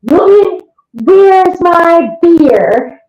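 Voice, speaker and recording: A woman's voice: very high voice, expressive, drawn-out words, reverberant, muffled recording, voice pushed up, full character voice. A woman voicing a possessed 1960s man who barks demands and orders people around. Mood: barking. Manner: demanding, barking.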